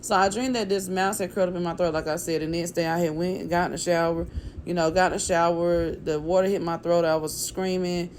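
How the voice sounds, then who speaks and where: A woman's voice: on the low side, steady tone, fairly quick, darkish tone, slight background noise. A woman vlogger telling a personal story in a casual, chatty way, acting out what other people said and filling her speech with "like" and "you know". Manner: many fillers like "like" and "you know".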